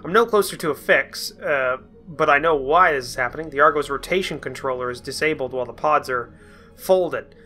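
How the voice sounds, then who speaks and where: A man reading the lines of a calm, reasonable male ship doctor in an even, matter-of-fact way. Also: fairly high pitch, fairly quick, soft background music.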